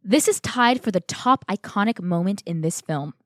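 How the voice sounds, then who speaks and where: A woman's voice: mid-range voice, expressive, normal speed, dry recording. A woman co-hosting a film podcast in a casual chat, gushing and playful about her topic. Her voice sits in a middle register. It is recorded close and dry, with no room sound. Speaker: podcast co-host.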